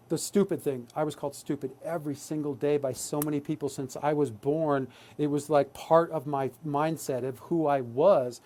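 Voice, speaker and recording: Man, workshop presenter, earnest, keeps asking "right?", slightly high voice, mellow tone. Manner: earnest, repetitive, checks in with "right?". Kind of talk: live online workshop talk.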